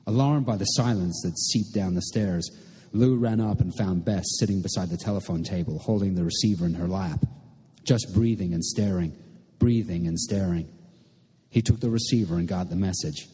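A man reading a novel aloud in a measured, literary way. His voice is low, husky and mellow. A long hall reverb trails after his words. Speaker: narrator. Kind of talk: audiobook narration.

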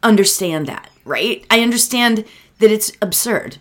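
Earnest woman, lively rambling voice. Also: medium pitch, measured pace. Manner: earnest, rambling, talks to the listener directly. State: emotional, near tears. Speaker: meditation teacher. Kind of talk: reflective solo talk.

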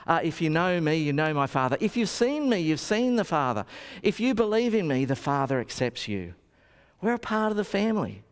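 Animated man preaching in a hall. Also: on the high side. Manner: storytelling, animated, acts out quotes. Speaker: pastor. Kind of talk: sermon. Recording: long reverb of a hall.

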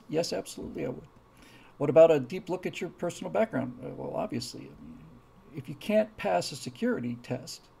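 Male stream host, gravelly and a bit husky, slightly high, rambling heated commentary. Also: warm tone. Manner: heated, emphatic, repeats words when worked up. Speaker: live stream host reading viewer comments.

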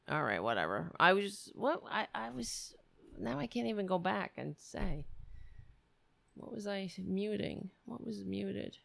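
A woman's voice: mid-range voice, sing-song, measured pace, vocal fry, a bit bright, no echo. A woman hosting a livestream, ranting angrily with profanity and self-mockery. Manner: angry, profane, self-mocking. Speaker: livestream host. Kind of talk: ranting commentary.

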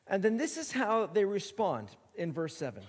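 A man's voice: high-pitched, huge pitch swings, moderate pace, slightly rough, in a large hall. A man preaching an expository sermon, emphatic and repeating phrases for stress.

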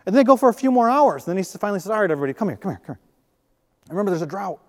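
A pastor delivers a sermon in a higher-pitched voice, keeping it conversational and joking and sometimes acting out short quotes. He talks rapid-fire with big pitch swings, and long reverb makes it sound like a large church hall.

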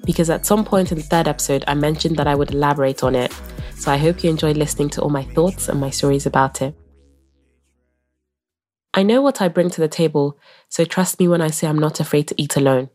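A woman's voice: sits low, a little fast, darkish tone, soft background music. A young woman hosting her own podcast, sounding nasal from a cold as she shares candid, reflective personal stories. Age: young adult. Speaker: podcast host.

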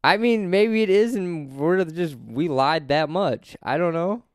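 A man's voice: on the high side, expressive, unhurried, dry recording, clean studio sound. A man co-hosting a podcast in casual profane chat, laughing often and riffing on numbers and jokes. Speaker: podcast co-host.

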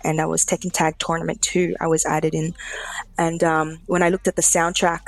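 A woman from Australia, a musician guest telling stories in a casual interview, animated and quick to act out what people said. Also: sits low, dry recording, poor audio. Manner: animated, acts out quotes with laughs.

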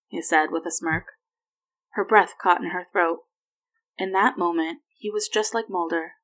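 A woman's voice: fairly low pitch, steady tone, moderate pace, a bit bright. Woman narrating a fanfic story. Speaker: fanfiction reader. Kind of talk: audiobook narration.

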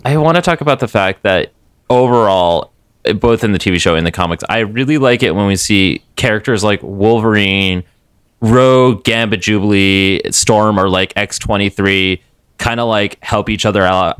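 A man's voice: lowish voice, fairly bright tone, clean tone, no echo, clean studio sound. A man co-hosting a podcast, chatting casually and rambling with lots of fillers, swearing and laughter. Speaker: podcast co-host. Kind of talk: casual review chat.

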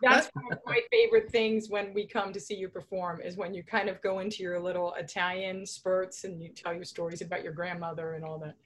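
A woman's voice: fairly low pitch, little pitch movement, fairly quick, hardly any pauses, slight background noise. A woman hosting an interview show, chatting casually and laughing easily. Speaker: show host.

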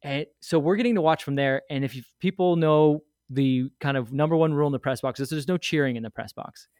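Podcast guest, male, slightly high voice, rambling animated storyteller, dry close sound. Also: fairly quick, clear, resonant tone, no echo. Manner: rambling, animated storyteller with many fillers and asides. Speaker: guest sharing a fan memory. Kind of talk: casual storytelling.

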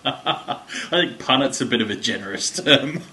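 A man's voice: mid-range voice, expressive, a little slow, bright, forceful tone, low-quality recording. A man from Queensland with an Australian accent, co-hosting a podcast in casual chat with dry, wry humour. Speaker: podcast co-host.

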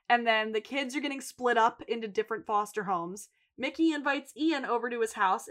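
A woman co-hosts a podcast and walks through a TV episode in casual, animated chat, with a few swear words along the way. Her voice sits a little on the high side. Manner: animated, chatty, swears freely. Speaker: podcast co-host.

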